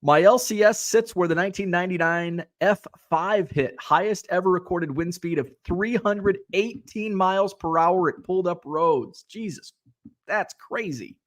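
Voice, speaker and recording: A man's voice: high voice, normal speed. A man hosting a casual livestream, rambling with fillers as he reads viewer comments aloud. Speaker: livestream host reading chat.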